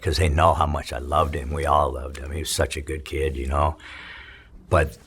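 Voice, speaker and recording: A middle-aged man from California, telling his story in an interview, profane and halting with many restarts. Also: very deep voice, little pitch movement, fairly bright tone, slightly rough. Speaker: interview guest, former prisoner. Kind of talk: emotional storytelling.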